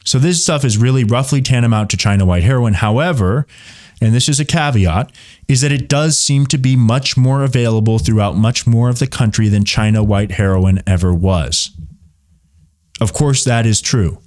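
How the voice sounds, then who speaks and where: A man's voice: mid-range voice, moderate pace, darkish tone. A young man hosting his own show, delivering an explanatory commentary monologue with frequent fillers and restarts. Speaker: show host.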